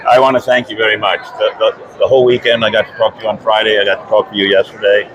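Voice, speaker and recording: A man's voice: fairly low pitch, flat delivery, fast talker, highs cut off. A man hosting a podcast, chatting in a folksy, joking way with a guest outdoors at a fan convention. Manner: folksy, chatty, tells corny pirate jokes. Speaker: podcast host. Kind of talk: casual interview chat. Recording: loud crowd noise at a convention.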